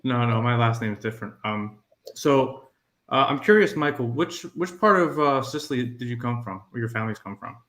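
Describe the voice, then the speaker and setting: A man's voice: medium pitch, brisk, fairly bright tone. A man joining a casual chat as a guest, friendly and curious about family roots.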